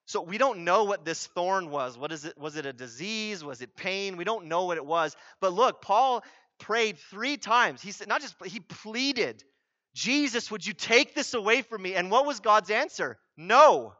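A man preaching a sermon as pastor, emphatic, asking rhetorical questions and repeating key phrases, swinging from loud urgency to a low hush. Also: lively intonation, moderate pace, dull audio.

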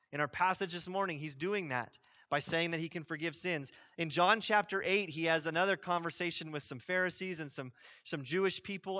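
Bright-voiced male pastor preaching. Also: high-pitched, lo-fi sound. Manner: earnest preaching, rising to emphatic peaks. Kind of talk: sermon.

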